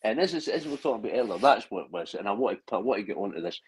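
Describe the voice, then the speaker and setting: A man's voice: fairly low pitch, lively intonation, rapid-fire, breathy edge, low-quality recording. A man in a casual online chat, talking in long rambling stretches with frequent restarts and blunt swearing. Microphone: video call.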